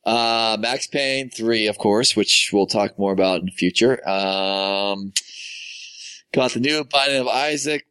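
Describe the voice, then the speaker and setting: A man's voice: fairly low pitch, measured pace, bright, forceful tone, smooth, no echo. A man co-hosting a casual gaming podcast, playful and rambling. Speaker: podcast co-host. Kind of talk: casual chat.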